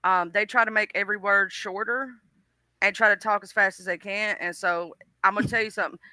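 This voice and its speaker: A woman from the Deep South with a Southern US accent, chatting on a talk stream in a folksy, teasing way. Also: steady tone, sharp tone, no echo. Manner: folksy, teasing, drawn-out explanations. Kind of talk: casual chat.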